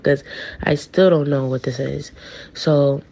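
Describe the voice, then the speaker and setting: Gravelly-voiced woman telling a story. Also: sits low, fairly even intonation, measured pace, warm tone. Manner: chatty, acts out quoted texts. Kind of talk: casual personal storytelling. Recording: dull lo-fi recording.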